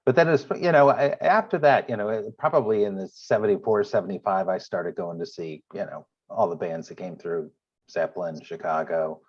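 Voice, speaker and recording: A man's voice: sits low, moderate pace, breathy edge, muffled recording. A man in his sixties, a guest in a casual roundtable chat, recalling his first concerts a bit sheepishly over remote call audio. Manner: self-deprecating storyteller.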